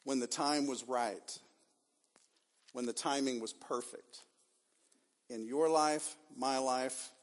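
A man's voice: medium pitch, fairly even intonation, slow pace, long pauses. A man preaching a sermon as pastor, acting out the figures' lines with dramatic swings. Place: church sanctuary.

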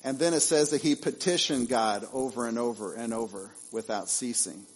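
A male pastor, preaching a sermon in a conversational way, with lively asides and repeated phrases. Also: mid-range voice, moderate pace, slightly rough, poor audio.

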